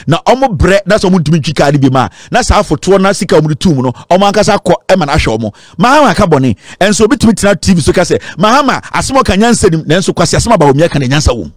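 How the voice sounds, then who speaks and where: A man's voice: high-pitched, no room sound, clean studio sound. A Ghanaian man giving impassioned political commentary, mixing Twi and English.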